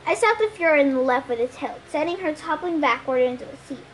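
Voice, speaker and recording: Woman reader for a fan audiobook chapter; high voice, lively delivery, faint hiss behind. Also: fast, rough recording. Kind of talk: reading a novel aloud.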